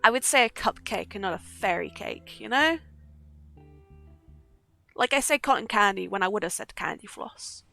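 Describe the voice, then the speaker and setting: A woman's voice: mid-range voice, animated, normal speed, vocal fry, long pauses, bright, forceful tone, faint music behind. A young woman chatting casually on a livestream, giggly and swearing freely. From Britain. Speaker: streamer.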